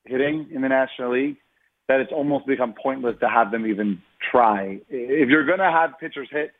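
A man who writes about baseball, a guest on a radio show, giving measured opinions. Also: mid-range voice. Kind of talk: radio interview. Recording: tinny phone line.

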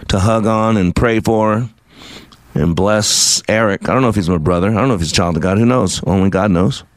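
A man telling a personal faith story in a rambling, halting way, often restarting his sentences. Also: fairly low pitch, dry recording. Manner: earnest, religious storytelling. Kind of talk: personal testimony with reading.

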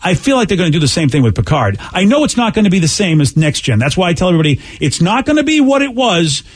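A man hosting a morning radio show, his voice slightly husky and pitched a bit high. He talks in a loose, rambling way, often restarting his sentences. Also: very animated, fast. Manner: rambling, self-correcting. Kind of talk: casual radio banter.

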